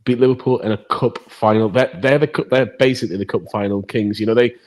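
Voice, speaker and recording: A man's voice: medium pitch, steady tone, fast. A man hosting a casual fan podcast, jokey and teasing as he puts questions to guests. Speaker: podcast host. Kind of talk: casual chat.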